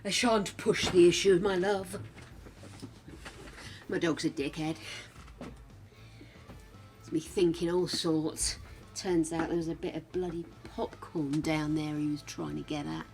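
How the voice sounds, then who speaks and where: A woman's voice: sits low, fairly even intonation, unhurried, long pauses, darkish tone, soft background music. A British woman streaming gameplay in casual chat, cooing fondly at her dog and laughing often.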